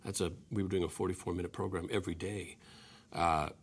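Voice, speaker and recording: A man's voice: low-pitched, fairly even intonation, fast, a little hiss or hum. A man in his forties, an actor guest answering interview questions, self-deprecating and hesitant with many restarts.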